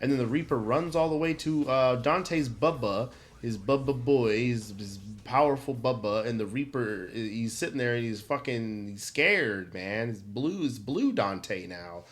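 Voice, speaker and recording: A man's voice: medium pitch, unhurried. Profane man ranting in mock outrage. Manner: stammering restarts, goofy exaggeration. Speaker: channel host. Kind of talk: comedic video game rant.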